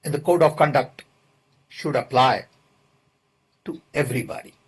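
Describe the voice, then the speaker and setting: A man's voice: mid-range voice, husky. An older man, answering questions in an interview in an indignant, emphatic way. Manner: indignant, emphatic, deliberate pauses. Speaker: interview guest. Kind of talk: political interview.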